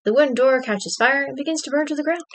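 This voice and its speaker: Woman streamer reading a choose-your-path story, dry little asides, kinda high voice. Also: quick pace.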